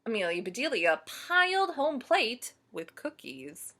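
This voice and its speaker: Animated woman reading a picture book aloud. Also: a little high. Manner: slow, animated, asks listeners questions. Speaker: storyteller.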